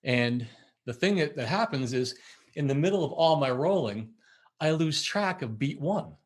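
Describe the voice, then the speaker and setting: A middle-aged man, a musician and podcast guest, telling a story in a lively way and acting out the voices he quotes. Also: a little high, normal speed. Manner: acts out quoted voices, laughs while telling. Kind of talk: animated storytelling in conversation.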